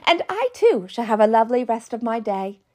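A woman's voice: fairly high pitch, big pitch swings, a little fast, warm tone. A woman vlogger telling a story to her viewers in a playful, chatty way. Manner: playful, chatty, addresses viewers as "love bugs". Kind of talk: casual storytelling monologue to camera.

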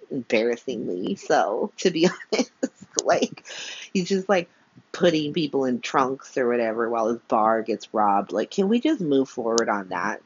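A woman's voice: rumbling low, slightly rough. A woman hosting a podcast, recapping a soap opera in a chatty, slangy way with frequent laughter and blunt opinions. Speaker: podcast host. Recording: slightly dull, dry lo-fi sound.

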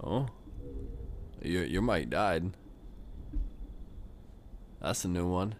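Young dude co-hosting, lowish voice, all slang and quick comebacks. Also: male voice, animated, a little hiss or hum. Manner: slangy, quick reactions and banter. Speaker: podcast co-host. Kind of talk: casual chat.

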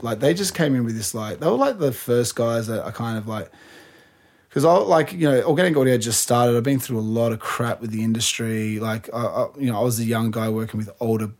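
A man's voice: mid-range voice, a little fast, darkish tone. Loose, rambling, swearing man DJ. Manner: loose and rambling, swears freely, acts out quotes. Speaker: guest DJ and producer. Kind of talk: casual interview chat.

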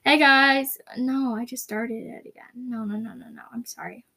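A woman's voice: fairly high pitch, steady tone, moderate pace, creaky, sharp tone. Rambling young woman podcast host. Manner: rambling, self-conscious, giggly. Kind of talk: casual podcast outro.

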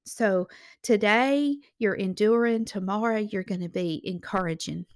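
A woman's voice: medium pitch, unhurried, no echo, clean studio sound. A woman hosting a Christian devotional show, giving an earnest, encouraging sermon and reading scripture verses aloud. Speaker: Christian ministry host.

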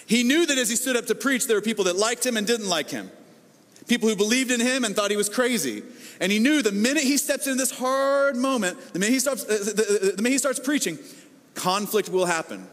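A man preaching a sermon as pastor, animated and conversational, acting out the people he quotes. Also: high voice, a little fast, big-room sound.

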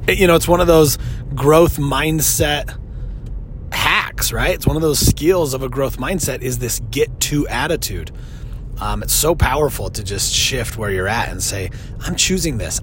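A man in his thirties hosting a solo podcast as a life coach, talking casually in an earnest, reflective way with pauses and restarts. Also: mid-range voice, a little hiss or hum.

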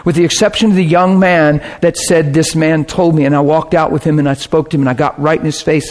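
A man preaching, telling a personal story with lively swings between hushed and shouting moments. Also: a little high, a little fast, hardly any pauses. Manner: animated, bursts into shouting and laughter. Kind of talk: sermon storytelling.

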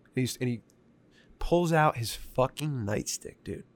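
A man's voice: medium pitch, unhurried, long pauses. A young man hosting a casual podcast, laid-back and agreeable, laughing as he tells his own stories. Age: young adult. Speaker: podcast host. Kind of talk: casual chat.

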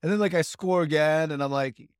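Fast-talking animated man, dry sound. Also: clean tone, dry recording. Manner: animated, acts out quotes in higher voices. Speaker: podcast co-host, judo coach. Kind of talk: casual storytelling chat.

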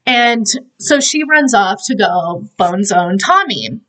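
A woman's voice: on the high side, sing-song, slow pace, hardly any pauses, fairly bright tone, low-quality recording. A young woman hosting a podcast, recapping a film in a chatty way, full of fillers and laughing asides. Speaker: podcast host. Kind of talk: casual movie recap.

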